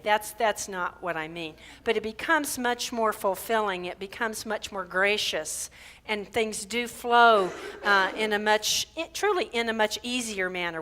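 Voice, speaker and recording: Bright-voiced woman minister preaching. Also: mid-range voice, a little hiss or hum. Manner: chatty, checks in with listeners with frequent "right?"; leads slow, drawn-out group affirmations. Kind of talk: conversational sermon. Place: church service.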